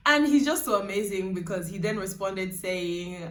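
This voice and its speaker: A woman's voice: medium pitch, expressive, moderate pace. A young woman vlogging in casual chat, her accent shifting between Nigerian and British, rambling and laughing often. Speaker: YouTuber. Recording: roomy, mic at a distance.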